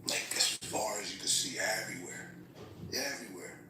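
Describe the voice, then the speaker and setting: A man's voice: fairly low pitch, moderate pace, reverberant, distant mic, noisy background. A man in his thirties telling a raw, emotional personal story in street slang on a livestream. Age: 30s. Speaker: livestream host.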